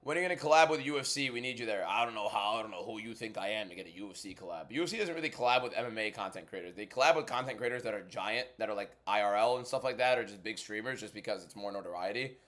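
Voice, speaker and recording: A man hosting a casual fight watchalong livestream, blunt and bantering as he answers chat, moving between a subdued inside voice and loud hyped delivery. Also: fairly low pitch, very fast, hardly any pauses. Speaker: MMA content creator and livestream host.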